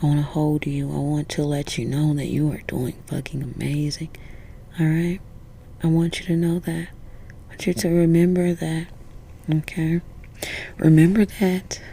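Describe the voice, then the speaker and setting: A woman giving an emotional spiritual pep talk in a hushed, tender whisper, with casual swearing and a close mic. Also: low-pitched, flat delivery, unhurried, creaky, a little hiss or hum. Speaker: spiritual vlogger.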